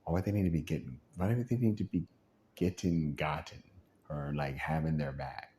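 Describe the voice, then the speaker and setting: A man's voice: extremely low pitch, normal speed, slight background noise. A man venting in a casual monologue, rambling and frustrated, acting out the voices he quotes. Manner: animated, acts out quoted voices, frequent laughs.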